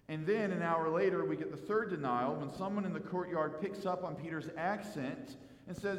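Man, pastor, lively sermon, acts out dialogue, reverberant room. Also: a little high, normal speed, hardly any pauses. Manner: animated, acts out quoted dialogue, some repeated words. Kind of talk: expository sermon. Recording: echoey hall with long reverb.

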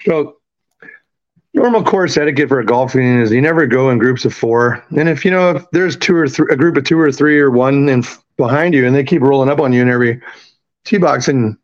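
A man in his fifties, raised in Canada, telling a story in a casual, profane, animated way and acting out the quotes. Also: mid-range voice, fairly quick, lo-fi sound. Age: 50s. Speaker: podcast guest.

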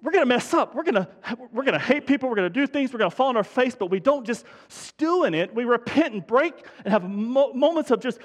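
Speaking fast with few pauses, a pastor delivers a sermon in an extremely high, lively-intoned voice. He grows from fervent to urgently emphatic, restarting and stumbling frequently. The church sanctuary lends a long hall reverb.

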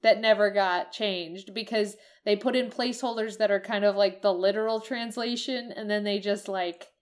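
A woman's voice: medium pitch, steady tone, moderate pace. A woman co-hosting a podcast, chatting casually as she recaps a video game, with frequent ums and restarts. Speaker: podcast co-host.

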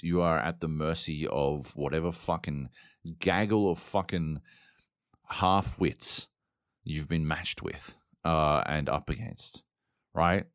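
A man's voice: rumbling low, dry recording, studio quality. A man hosting a solo gaming podcast, ranting casually with lots of swearing and fillers. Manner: sweary, exasperated, rambling with many fillers. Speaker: podcast host. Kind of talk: casual solo podcast rant about games.

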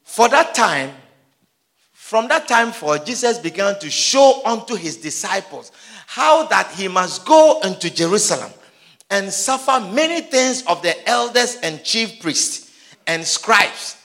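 A man preaching a sermon, emphatic and sing-song, swinging from soft asides to shouted peaks, with repeated call-and-response. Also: high voice, sing-song, unhurried. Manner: repetitive call-and-response style.

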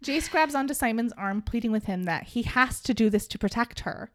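Lively woman recapping a story. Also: on the high side, fairly quick. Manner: animated, joking, swears casually. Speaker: podcast host recapping a book. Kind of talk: casual chat and recap.

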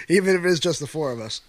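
A man with a fairly high voice trading blunt, deadpan jabs in crude podcast banter among friends. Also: fairly quick, no room sound. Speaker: podcast co-host.

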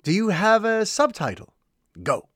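Man doing a playful high put-on accent of a buddy, exaggerated, dry sound. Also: big pitch swings, a little slow, fairly bright tone, no room sound, exaggerated voice. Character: host imitating a male friend's accent.

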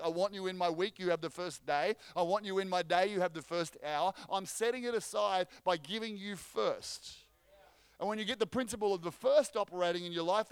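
A man preaching a sermon as pastor, energetic and joking, often restarting his phrases. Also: high voice, clean tone, dry recording. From Australia.

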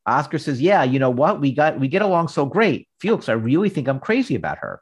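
A man co-hosting a casual podcast, walking through a scene line by line. He reads out each quoted line in a brisk, chatty recap. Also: a little high, very animated, slightly rough. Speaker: podcast co-host. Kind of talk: casual chat, recapping an episode.

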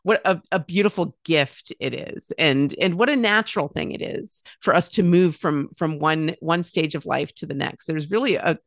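A woman's voice: low-pitched, moderate pace, few pauses, dry recording, clean studio sound. A woman in her fifties, a mother with grown children, telling stories in casual conversation, often acting out what others said. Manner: warm storyteller, lively quoted voices, many restarts. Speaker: podcast guest.

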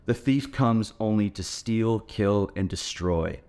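A man's voice: lowish voice, takes it slowly, a little mellow. A man preaching a sermon as pastor, in an earnest, emphatic way.

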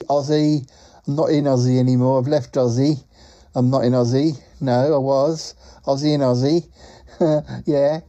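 Comic talking duck, male, slow and hesitant, dry close sound, a man voicing him. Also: medium pitch, dark tone, no echo, dull audio, natural voice. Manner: rambling, full of ums, quacks between phrases. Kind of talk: comic voice message.

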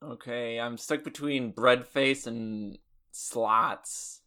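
A man guessing answers in a casual movie quiz. He thinks out loud and hesitates over his word choices. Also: medium pitch, fairly even intonation, extremely slow, clear, resonant tone. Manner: musing, hesitant, thinks aloud. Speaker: quiz guest. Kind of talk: casual podcast chat.

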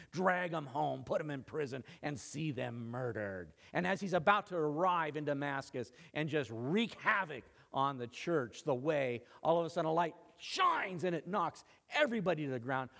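A man's voice: a little high, expressive, moderate pace, creaky, few pauses, fairly bright tone. A male pastor preaching a sermon, dramatic and conversational, acting out quoted lines and making asides. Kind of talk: expository sermon.

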